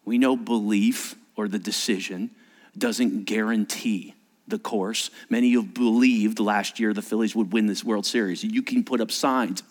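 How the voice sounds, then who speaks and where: A man preaching as pastor at a church service. His delivery is animated, swinging between emphatic points and hushed, whispered asides. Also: on the low side, a little slow. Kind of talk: sermon.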